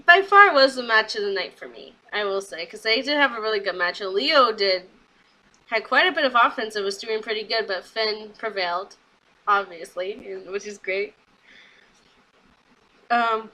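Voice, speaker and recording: A young woman chats through a wrestling recap in a relaxed vlog style, laughing often and putting on little voices for the people she quotes. Her voice is bright and a touch high. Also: low-quality recording. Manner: giggly, acts out quotes in quick little voices. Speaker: wrestling show reviewer.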